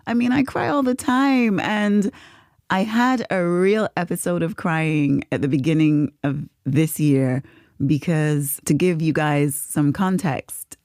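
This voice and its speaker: A woman talks in a relaxed podcast chat, her pitch sitting a little low but swinging widely as she tells a story. She is expressive and quick to laugh. The sound is close and dry, with no room around it. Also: no echo. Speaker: podcast co-host.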